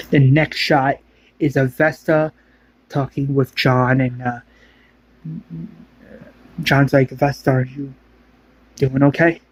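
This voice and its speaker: A man's voice: medium pitch, husky, dry recording. A man casually retelling a fan-made survival story, with loose, rambling narration.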